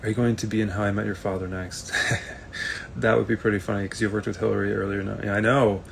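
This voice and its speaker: A man answers fan questions on a casual live video stream, reading comments aloud in an easygoing, rambling manner. His voice is low and gravelly, with a faint hiss beneath it. The delivery is chatty and unhurried. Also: flat delivery.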